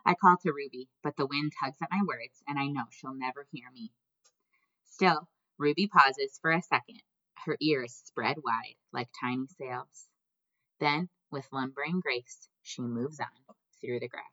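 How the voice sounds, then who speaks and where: A woman narrating an audiobook in the first person, in a measured, gently expressive way. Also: very deep voice, no echo, muffled recording. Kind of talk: scripted narration.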